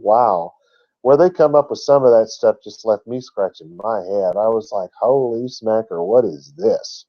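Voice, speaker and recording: A man's voice: mid-range voice, mellow, highs cut off. A man giving an emphatic teaching talk who spells out words letter by letter. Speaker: Bible teacher.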